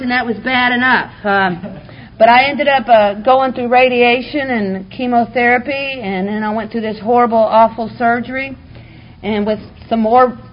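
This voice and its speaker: A woman giving a candid, heartfelt personal testimony to a recovery meeting audience, with touches of wry humor. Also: on the high side. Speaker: speaker sharing her recovery story. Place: meeting room before a live audience. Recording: muffled lo-fi recording, faint hiss.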